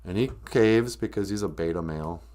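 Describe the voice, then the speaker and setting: A man's voice: low-pitched, brisk, a little mellow. A man hosting a live-stream podcast, rambling through a sarcastic, mock-grumpy comedic rant. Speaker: podcast host.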